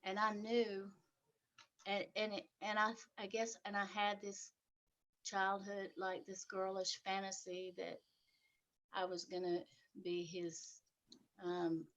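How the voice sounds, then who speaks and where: A woman's voice: mid-range voice, level tone, a bit bright, muffled recording. Middle-aged woman sharing a personal story. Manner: halting, with many restarts and trailing phrases; earnest and emotional, voice rising at intense moments. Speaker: speaker in a sharing circle. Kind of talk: personal testimony, casual.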